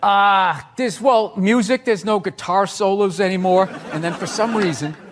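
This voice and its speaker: A man's voice: high-pitched, normal speed, a bit bright. A man who is a guest on a talk show, joking bluntly and cursing as he answers questions. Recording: studio audience, noisy broadcast.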